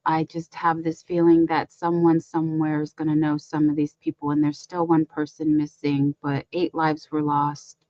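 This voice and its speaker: A woman's voice: sits low, a little mellow, no room sound, dull audio. A woman co-hosting a crochet livestream, talking in a chatty, rambling way with lots of fillers. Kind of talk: casual livestream chat.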